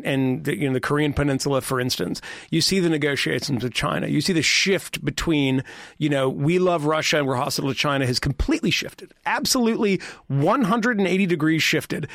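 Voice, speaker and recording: A man's voice: a little high, dry recording, studio quality. A man on a podcast panel talking politics in casual chat, rambling and interrupting himself with repeated words.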